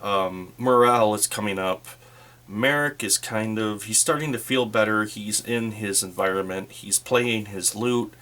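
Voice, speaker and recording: A man narrating a solo tabletop game as game master, in a relaxed, rambling way. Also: on the low side, measured pace.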